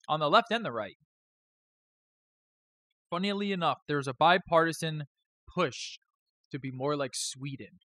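A man hosts a live stream in loose, joking chat that drifts from topic to topic and includes some swearing. His voice is bright and forceful and sits slightly high. The sound is dry and close, with no room echo. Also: animated, fairly quick, pauses often. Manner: rambling, joking, profane.

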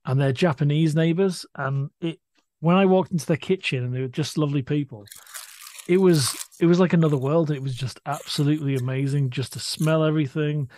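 A middle-aged man co-hosting a podcast, chatting enthusiastically with many halting restarts. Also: fairly high pitch, steady tone, a little mellow, dry recording. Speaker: podcast co-host. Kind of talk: casual chat.

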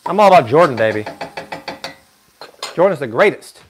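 A man's voice: on the high side, normal speed, slight background noise. A man hosting a live cooking stream from a kitchen, chatty and full of jokes. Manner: animated, jokey, chatty. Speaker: cooking show host.

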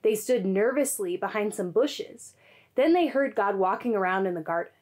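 Lady doing the kids' bible story at church, lively storyteller. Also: medium pitch, moderate pace. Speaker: children's message leader.

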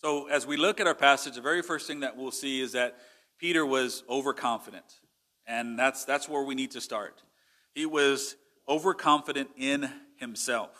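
Bright-voiced Texan preacher man. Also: mid-range voice, moderate pace. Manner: conversational preaching with rhetorical questions. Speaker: pastor. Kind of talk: sermon.

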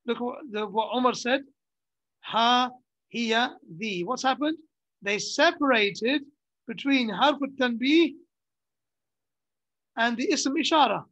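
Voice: medium pitch, unhurried, pauses often, fairly bright tone, dry recording, dull audio. A teacher giving a classroom Arabic grammar lesson in English. The teacher repeats key terms and checks understanding with short questions.

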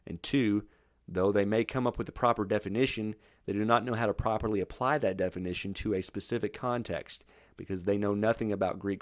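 A man narrating a scripted Bible study in a measured, methodical way. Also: on the low side, no echo, studio quality.

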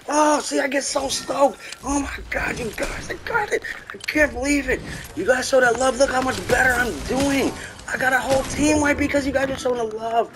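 High, excitable game streamer talking to chat. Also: a little fast, noisy background. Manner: excitable, repeats exclamations, talks to chat. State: losing voice from shouting. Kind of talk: excited live-stream gameplay commentary.

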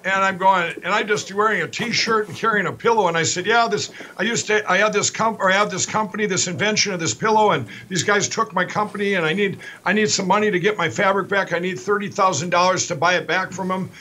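Man, middle-aged, from Minnesota, high voice, bright edge, rapid run-on storytelling. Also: a little hiss or hum. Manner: rapid, run-on, animated retelling with many restarts. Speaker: guest, company founder. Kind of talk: fast rambling storytelling.

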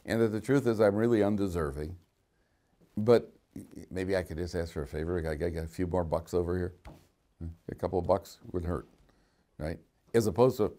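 A man's voice: low-pitched, brisk. A man teaching a class as a rabbi, reading Hebrew verses, translating them and adding joking asides. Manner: animated, joking asides, reads Hebrew text then translates. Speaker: rabbi teaching weekly Torah portion. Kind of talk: classroom lecture with humor. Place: study hall classroom.

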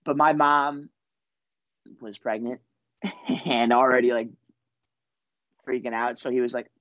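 A man's voice: mid-range voice, fairly even intonation, takes it slowly, no echo, dull audio. A man in his twenties, a college wrestler, telling a story in a loose, rambling way full of "you know" and "like". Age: 20s. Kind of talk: casual storytelling.

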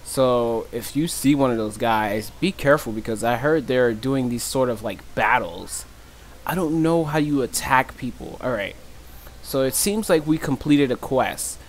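A man's voice: measured pace, slight background noise. A young man doing gameplay commentary as a YouTuber, joking and teasing, often breaking into laughter. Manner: laughs often, shrieks high when chased; joking, teasing trash talk. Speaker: gaming YouTuber.

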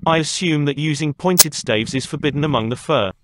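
A man voicing a huge, gruff male dragon who growls and rumbles his lines in a storybook reading. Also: brisk, noisy background, close to an everyday voice. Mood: stern.

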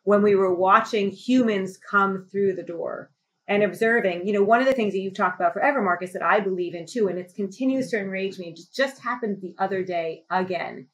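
A middle-aged woman telling a personal story as a podcast guest. She speaks with emphatic, animated passion, and her voice rises sharply when she grows indignant. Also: mid-range voice, fairly quick. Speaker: podcast guest, company CEO. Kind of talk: impassioned conversational storytelling.

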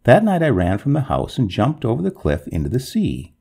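A man's voice: medium pitch, huge pitch swings, brisk, gravelly, dark tone, husky, heavily acted. A man voicing an indignant drowned young woman ghost, who talks in a prim, formal, reproachful way with a gargling sound. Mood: haughty.

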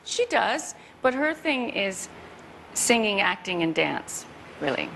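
A woman with a gravelly, creaky edge to her voice chats as a talk show guest, telling stories with lively quoted voices. Faint noise hangs under the studio sound. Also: medium pitch, takes it slowly, poor audio. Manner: chatty, animated storytelling with quoted voices. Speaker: guest musician. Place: television studio.

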